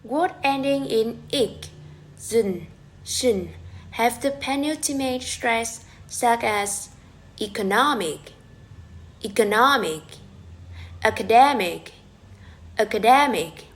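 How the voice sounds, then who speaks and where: A woman's voice: on the high side, expressive, slow, long pauses. A young woman reading a class presentation carefully, repeating example words. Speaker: student presenter.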